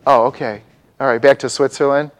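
A man's voice: mid-range voice, steady tone, brisk. A man preaching a sermon, talking casually and asking his congregation questions. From mixed Dutch and Czech heritage. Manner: conversational, asks the congregation questions. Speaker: pastor.

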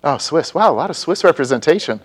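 A man's voice: a little high, expressive, quick pace, breathy edge. A man preaching a sermon, talking casually and asking his congregation questions. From mixed Dutch and Czech heritage. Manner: conversational, asks the congregation questions. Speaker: pastor.

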